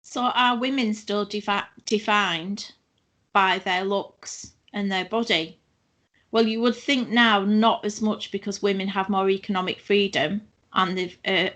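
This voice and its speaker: A woman of around sixty from England, hosting an interview conversation in a measured, reflective way. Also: mid-range voice, a bit bright.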